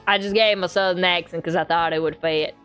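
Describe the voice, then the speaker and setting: A woman's voice: fairly low pitch, steady tone, fast, a bit bright, clean tone, soft background music. A woman streamer chatting playfully and teasingly while reading through a game. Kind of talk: casual game commentary and reading.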